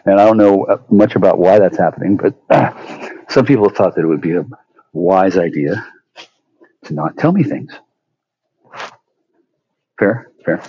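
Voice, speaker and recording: Low husky man ranting into a phone. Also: lively intonation, a little slow, long pauses, no echo, dull audio. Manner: profane, repetitive, stammering restarts, sudden loud outbursts. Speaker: vlogger. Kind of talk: rambling monologue rant. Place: at home.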